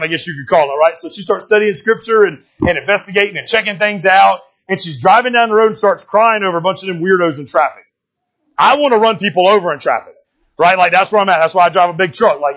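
A man's voice: high voice, fairly bright tone, muffled recording. A man preaching a casual sermon in a church, talking in a folksy, joking way and often asking "right?". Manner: conversational, keeps asking "right?".

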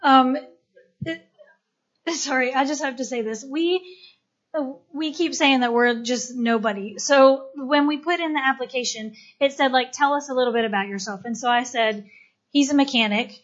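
A woman's voice: high-pitched, moderate pace. A woman, a missionary and doula, tells her story to a gathered audience in a chatty, eager way full of fillers. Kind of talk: personal testimony to a gathering. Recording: dull lo-fi recording.

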